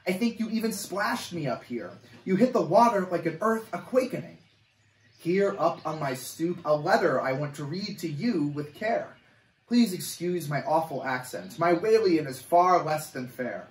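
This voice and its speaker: Brief: man doing a lofty, booming storybook tree that speaks in rhyme; raised pitch, echoey distant room. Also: lively intonation, normal speed, close to an everyday voice. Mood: calling out. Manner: booming, sing-song rhymed proclamation. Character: grand rhyming wishing tree, male, ancient.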